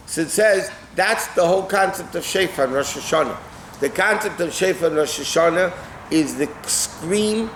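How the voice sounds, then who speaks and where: Rabbi teaching a class in an echoey room. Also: male voice, a little high, a bit bright. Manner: explains phrase by phrase, translating as he goes, with asides like "right?" and "okay?". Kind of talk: text-based Torah class. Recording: echoey room with faint ambient noise.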